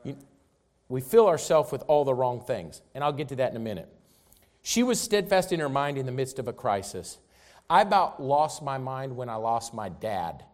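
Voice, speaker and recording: A man preaching a sermon, emphatic and repetitive, swinging from loud declarations to soft asides. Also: mid-range voice, lively intonation, moderate pace.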